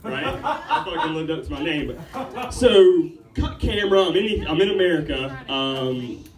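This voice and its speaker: A man's voice: a little high, animated, unhurried, a crowd in the background. A young man from Ethiopia doing a rambling, laid-back stand-up comedy set with lots of swearing. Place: open-mic comedy room. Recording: roomy, distant room mic with faint background noise.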